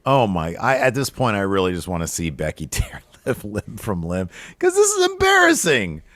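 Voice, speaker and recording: A man co-hosting a podcast, recapping wrestling in casual chat and jumping up in pitch when he gets riled. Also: normal speed, no room sound. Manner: excitable, jumps high when riled. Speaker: podcast co-host.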